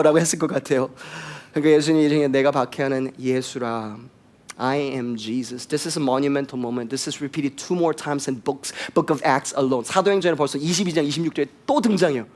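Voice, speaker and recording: Guy pastor preaching super fast, kinda high voice, flips between two languages. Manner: switches between English and Korean, lively and emphatic. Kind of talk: bilingual sermon.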